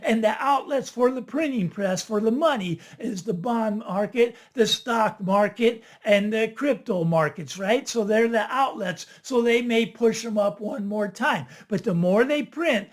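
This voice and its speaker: A man hosting his own finance channel, talking to camera in a casual, animated monologue and tagging his points with "right?". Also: sits high, measured pace, few pauses. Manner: animated, chatty, keeps asking "right?". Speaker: finance video host.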